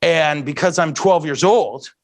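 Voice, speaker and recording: A priest giving a heartfelt talk to an audience, earnest and emotional, with self-mocking humor. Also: male voice, fairly high pitch, unhurried. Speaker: priest and guest speaker. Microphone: handheld mic.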